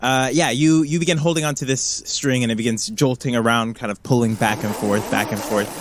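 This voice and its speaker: A man's voice: medium pitch, fairly even intonation, a little fast, slight background noise. Easygoing man running a tabletop game. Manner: easygoing, with hesitant fillers and chuckles. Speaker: game master.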